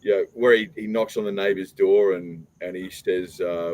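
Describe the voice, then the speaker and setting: Low-voiced man rambling through a joke. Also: fairly even intonation, normal speed, darkish tone, rough recording. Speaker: streaming show host. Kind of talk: casual chat on a live stream.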